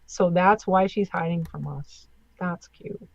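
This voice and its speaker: A woman co-hosting a podcast, reading a news article aloud at a steady pace and breaking off for chatty asides. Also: fairly low pitch, a little slow, creaky, no room sound, highs cut off. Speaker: podcast co-host.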